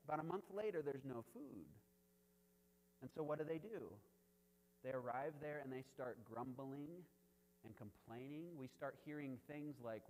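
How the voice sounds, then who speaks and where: A man's voice: medium pitch, normal speed, a little mellow, long reverb tail. A man preaching a sermon in a conversational way, often tossing in "right?" asides and light chuckles. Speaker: pastor.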